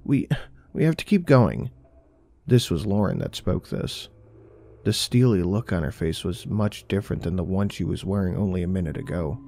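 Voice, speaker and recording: Deep, dark-voiced horror narrator. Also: male voice, moderate pace, gravelly.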